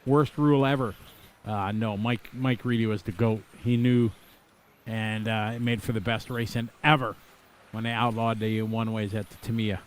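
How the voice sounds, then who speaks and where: A man's voice: lowish voice, level tone, normal speed, a little hiss or hum. A middle-aged man from Wisconsin giving live, chatty commentary on a radio-controlled car race, rambling into asides between calls.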